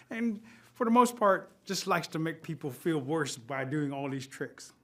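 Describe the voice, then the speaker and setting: A man telling a traditional animal tale to listeners in an animated, folksy manner. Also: high voice. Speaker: storyteller. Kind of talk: traditional storytelling.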